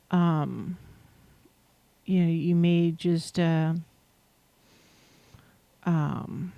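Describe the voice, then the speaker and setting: A woman's voice: lowish voice, dry recording, muffled recording. A woman hosting a casual livestream, talking through a spiritual topic in a rambling way with many fillers. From Pacific Northwest, USA. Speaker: host. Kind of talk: casual livestream chat about chakras.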